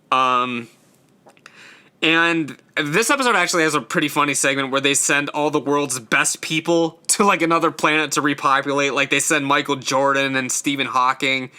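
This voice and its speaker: A man's voice: mid-range voice, bright, forceful tone, clear, resonant tone. A young man hosting a casual solo ranking show, talking in a chatty way with lots of fillers and stumbling over his words now and then. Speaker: host ranking episodes.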